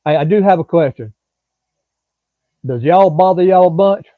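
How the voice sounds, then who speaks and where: A middle-aged man with a Southern drawl chats loosely with his live-stream viewers, wandering from thought to thought in a folksy way. His voice sits a touch high. The sound is dry and thin, like a phone line. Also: normal speed, no echo. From Florida. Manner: rambling, folksy, drawling, chats to commenters by name. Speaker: livestream host.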